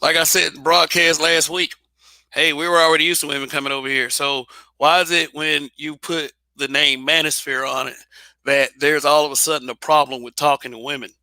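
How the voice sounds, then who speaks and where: Blunt man with a bright, dry voice. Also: on the high side, little pitch movement, fairly quick, dry recording. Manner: blunt, repetitive restarts, profane. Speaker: channel host. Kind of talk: casual opinion monologue.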